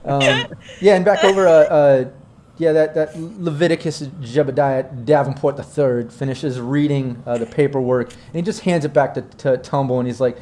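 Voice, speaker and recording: A man's voice: medium pitch, steady tone, moderate pace, dark tone. A man game master who narrates a tabletop game loosely and with a lot of fillers.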